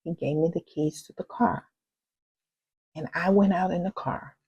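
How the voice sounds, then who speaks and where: A woman's voice: on the low side, unhurried, creaky, pauses often, a little mellow, husky, dry recording, rough recording. An older woman hosting a vlog, telling a personal story in an emphatic, repetitive, heartfelt way. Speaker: vlog host.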